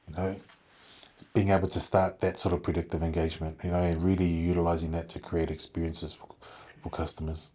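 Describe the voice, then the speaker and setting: A man with a low, husky voice, talking as a guest on a podcast interview. He thinks aloud, circling back through fillers and restarts as he explains his work leading a contact centre. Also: level tone, a little fast, dark tone. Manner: thoughtful, rambling with many fillers and restarts.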